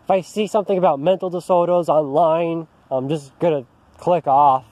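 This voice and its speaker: A man's voice: on the high side, fairly even intonation, moderate pace, darkish tone, no room sound. A man venting in an agitated, frustrated rant to camera, outdoors in an empty park, often restarting his sentences. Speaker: vlogger. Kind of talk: angry personal rant to camera.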